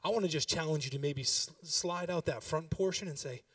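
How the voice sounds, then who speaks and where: A man's voice: a little high, a little fast, a bit bright, no room sound. Preaching man heard from a distance. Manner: conversational preaching, building to emphatic exhortation. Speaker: pastor. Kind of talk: sermon.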